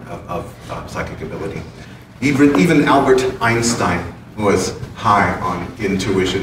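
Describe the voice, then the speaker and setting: A man giving an informal spiritual talk to an audience, playful and chuckling as he explains his points. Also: fairly low pitch. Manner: playful and chuckling, with casual asides. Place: large room with an audience. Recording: very echoey room, distant mic, background noise.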